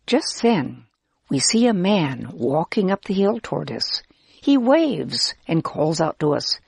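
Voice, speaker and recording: Slow, gentle storytelling woman. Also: low-pitched, very animated, vocal fry, husky, no room sound, studio quality. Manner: gentle, pretend-play storytelling, addresses the listener. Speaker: children's Bible storyteller. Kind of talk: children's storybook narration.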